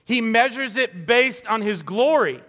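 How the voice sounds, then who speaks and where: A man's voice: very high voice, expressive, a little slow, pushed and bright, long reverb tail. A man preaching a sermon in an earnest, conversational way, acting out little quoted voices as he goes. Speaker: pastor.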